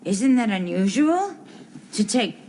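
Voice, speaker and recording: An actress playing a naive, flustered housewife in a 1970s TV soap, rambling and repeating herself nervously. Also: female voice, a little high, sing-song, unhurried, dark tone, slight background noise.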